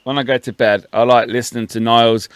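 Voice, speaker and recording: A blunt, emphatic man co-hosting a casual podcast. The sound is dry and close, with his pitch in the middle range. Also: fairly even intonation, a little fast, clean tone, no echo. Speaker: podcast co-host. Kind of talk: casual chat.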